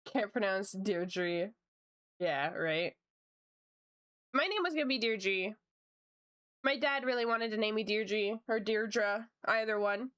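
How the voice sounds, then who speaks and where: Slow-talking woman streamer chatting. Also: mid-range voice, fairly bright tone, clean tone, dry recording, clean studio sound. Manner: chatty, laughs often. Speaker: art streamer. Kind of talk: casual chat while drawing on stream.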